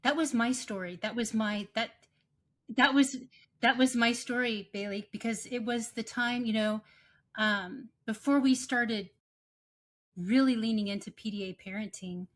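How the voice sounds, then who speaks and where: A woman co-hosting a podcast who tells stories in an animated way and repeats phrases for emphasis. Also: medium pitch. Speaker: podcast co-host. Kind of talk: casual chat.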